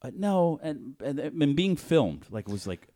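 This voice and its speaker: A man's voice: fairly high pitch, unhurried. A man co-hosting a loose, casual podcast, with a voice that leaps up and down as he tells a story. He acts out every line of dialogue and curses freely along the way. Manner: animated storyteller, acts out quotes, swears freely. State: says he was hungover. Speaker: podcast co-host. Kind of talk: casual chat.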